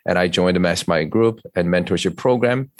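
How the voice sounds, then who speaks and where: A man's voice: sits low, brisk, dry recording. A man with a Korean accent, a native Korean speaker, talking earnestly and plainly as a podcast guest. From South Korea. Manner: earnest, plain-spoken, with repeated restarts. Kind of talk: conversational interview.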